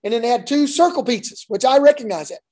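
A man's voice: very high-pitched, animated, fast talker, darkish tone. A man, a basketball coach, telling rambling, folksy stories in a casual interview with many restarts. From Oklahoma.

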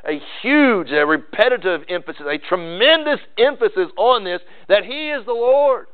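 Male pastor, earnest sermon delivery with frequent restarts, slightly high voice, thin phone-line audio. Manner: earnest preaching with many restarts and repeated words. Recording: tinny phone-like sermon recording.

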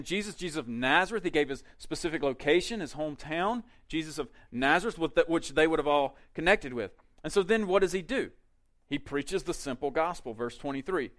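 A male pastor preaching a sermon in a conversational way, with quick asides and emphatic peaks. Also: a little high, a bit bright.

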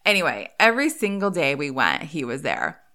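A woman's voice: low voice, huge pitch swings, a little fast, bright, forceful tone. A woman hosting her own podcast, telling chatty stories in a casual monologue and laughing often. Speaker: podcast host.

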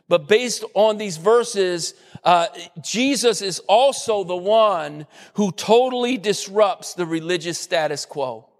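A man preaching a sermon with passion, building to shouts at the high points. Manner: impassioned preaching, rising to shouts, voicing scoffing critics. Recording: long hall reverb.

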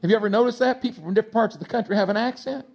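A male pastor with a slight Texas twang preaching a sermon, swinging between loud exhortation and soft asides to the congregation. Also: high-pitched, very fast, vocal fry.

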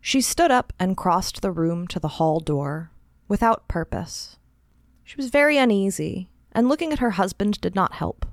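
A woman host narrating a short story in a measured, deliberate reading style. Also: mid-range voice, expressive, dry recording, clean studio sound.

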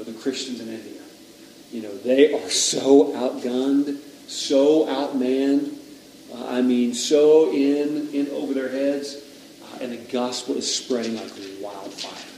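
Guy preaching, mellow voice, kinda far off in a roomy echoey hall, gets worked up telling stories. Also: mid-range voice, slight background noise. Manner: animated storytelling, quoting others with rising intensity. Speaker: pastor. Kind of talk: sermon. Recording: echoey hall, voice from a distance, faint ambience.

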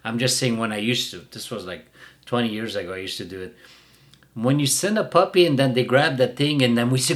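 A man's voice: medium pitch, normal speed. A middle-aged man who hosts a dog-training show and delivers a blunt, mocking casual rant. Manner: blunt, mocking, bursts of laughter.

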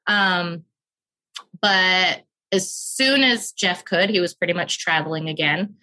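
A woman in her thirties, a podcast guest, earnestly telling a candid personal story and rushing through the emotional parts. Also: on the low side, pushed and bright, poor audio.

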